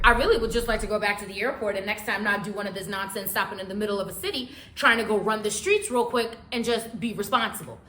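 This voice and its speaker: A woman telling a wild personal story in an animated, profane, casual way. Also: on the high side, reverberant, a little hiss or hum.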